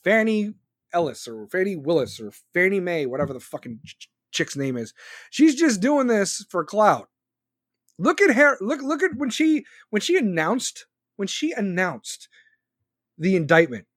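A man in his forties with a fairly high voice, rambling bluntly through a profane political rant. The sound is dry and close, with no room around it. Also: very animated, normal speed, a bit bright, no room sound. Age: 40s. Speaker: podcast host.

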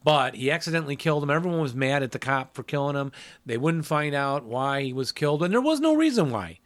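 A man's voice: fairly high pitch, sing-song, fast. Chatty middle-aged man recapping a film. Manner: chatty, laughs often, acts out movie lines. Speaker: podcast co-host. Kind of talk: casual film discussion.

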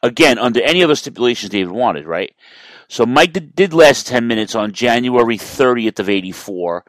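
A man's voice: medium pitch, lively intonation, fairly quick, a bit bright, no echo, low-quality recording. A man talking through wrestling history in a casual, rambling monologue, often correcting himself and swearing now and then. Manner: rambling, self-correcting, profane.

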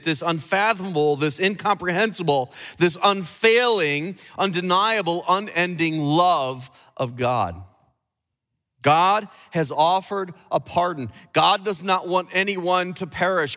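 A man preaching a sermon as pastor, emphatic, with dramatic pauses. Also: high-pitched, pushed and bright, big-room sound.

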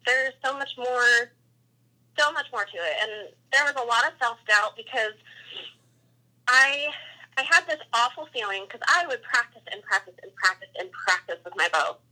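Bright, animated woman telling a story. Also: on the high side, moderate pace, poor audio. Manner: animated, acts out quoted dialogue. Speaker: guest hunter telling a story. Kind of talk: casual storytelling interview.

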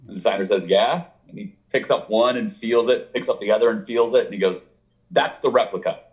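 A man with a somewhat low voice, talking as an author guest in a casual interview. He tells stories in a loose, rambling way and acts out the quotes with animation. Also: a little fast.

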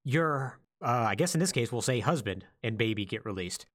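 A man co-hosting a podcast, retelling a game's story in a loose, animated way and acting out the lines of its characters. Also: mid-range voice, moderate pace. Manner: animated storytelling, acts out quotes. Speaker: podcast co-host. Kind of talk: casual podcast chat.

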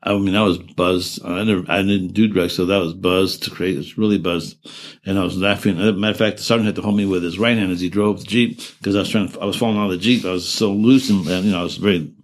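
A low, deep-voiced older man recounting his war service in a loose, meandering way. He swears freely, drops sentences halfway to start over, and breaks into laughter at the darkest moments. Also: steady tone, fast. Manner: rambling, profane, trails off and restarts; laughs through grim memories. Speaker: veteran interviewee. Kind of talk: oral history storytelling.

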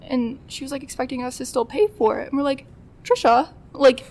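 Her voice sits high and a little mellow, with a steady tone and a fast pace, plus a slight hiss or hum. A woman in her twenties, she's a podcast guest casually and chattily telling a story, often acting out dialogue and laughing.

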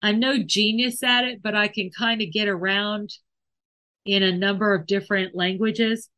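A woman's voice: medium pitch, steady tone, moderate pace, bright, forceful tone. A woman podcast host who trains animals, explaining things thoughtfully and working through examples with small restarts. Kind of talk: casual explanatory podcast talk.

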